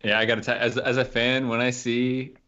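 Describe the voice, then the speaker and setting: A man's voice: medium pitch, flat delivery, brisk, sharp tone. A male co-host who talks in a chatty way, speaking like a fan. The recording is slightly dull and lo-fi. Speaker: podcast co-host. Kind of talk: casual interview.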